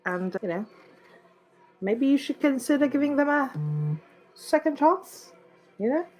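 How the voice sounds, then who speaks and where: A woman's voice: sits high, lively intonation, measured pace, a little mellow. A woman playing a tabletop game, chatting politely in character and asking the game master questions. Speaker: player.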